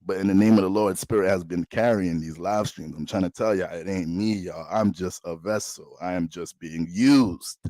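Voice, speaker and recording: A man's voice: low voice, moderate pace, few pauses, mellow, dry recording. Joking man preaching a mock sermon. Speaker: astrologer and livestream host. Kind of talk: mock sermon livestream chat.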